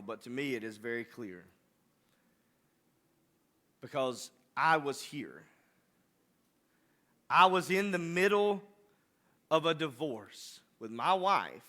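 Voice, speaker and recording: Bright-voiced preacher. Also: male voice, medium pitch. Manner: builds to impassioned, emphatic preaching. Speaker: pastor. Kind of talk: sermon.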